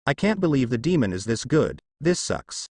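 A man's voice: medium pitch, sing-song, normal speed, a little mellow, breathy edge, no echo, clean studio sound. A man voicing a spiteful, scheming adult ninja instructor with a sneering way of talking.

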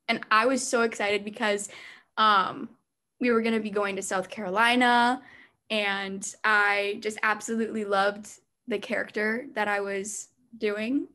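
Slow, hesitant girl actress. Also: mid-range voice, fairly even intonation, sharp tone. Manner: hesitant, full of ums and likes. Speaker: young actress guest. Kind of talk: casual interview answers.

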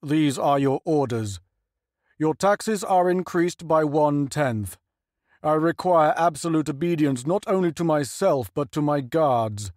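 A man's voice: on the high side, a little mellow, dry recording, studio quality, lightly acted. A man voicing a harsh, arrogant male tyrant lord giving orders in an audiobook.

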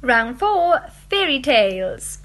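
A woman teacher reading out fairy tale quiz questions and answers, slow, clear and expressive. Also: sits high.

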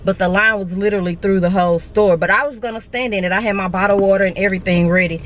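A woman vlogging casually, chatty and excitable, talking straight to her viewers while out at a mall. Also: medium pitch, fast, dull audio, slight background noise. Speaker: beauty vlogger. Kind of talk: casual vlog chat to camera. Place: out and about in a mall and car.

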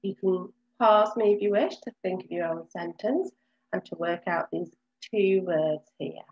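A woman teaching phonics to young children at a slow, careful pace, sounding each word out clearly. The recording is dull and lo-fi. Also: fairly low pitch, darkish tone. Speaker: reception class teacher.

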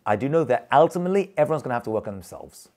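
Animated middle-aged rabbi teaching a class. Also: male voice, mid-range voice, very fast. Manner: animated, chatty, tells anecdotes with acted quotes. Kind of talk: lively storytelling lecture.

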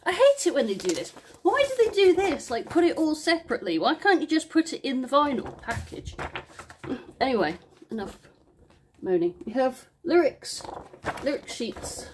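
A woman's voice: high-pitched, sing-song, normal speed, a little mellow, slight background noise. A woman with a Northern English accent who rambles chattily and talks to herself during a casual unboxing vlog. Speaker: vinyl unboxing vlogger.

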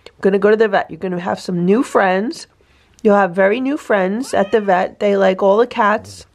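A woman at home recording a cat vlog, her middle-pitched voice carrying a light gravelly fry. She talks plainly about trapping feral cats, then turns to gentle, coaxing reassurance aimed at a nervous cat. Cats can sometimes be heard in the background. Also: fairly even intonation, moderate pace. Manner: soothing, coaxing baby talk to a trapped cat. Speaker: cat rescuer vlogger. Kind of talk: casual vlog narration and talking to a cat.

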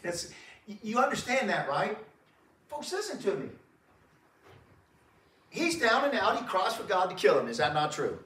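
In a church sanctuary, a pastor with a high-pitched, sing-song, somewhat bright voice preaches at a moderate pace with long pauses. He keeps it folksy, repeating himself, chuckling often, and calling everyone folks, recorded from a distant mic with a roomy church sound.

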